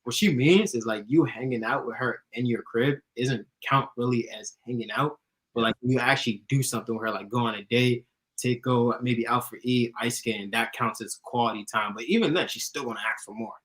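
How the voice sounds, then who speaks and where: A young man chatting casually, giving dating advice, who talks fast and giggles and laughs often. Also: mid-range voice, steady tone, fairly bright tone, rough recording. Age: young adult. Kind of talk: casual chat.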